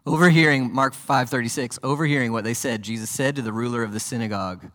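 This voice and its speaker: A man's voice: medium pitch, quick pace, hardly any pauses. Preaching man, dramatic delivery, church reverb. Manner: dramatic, swings from hushed to loud and urgent. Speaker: pastor. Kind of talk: sermon. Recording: long hall reverb.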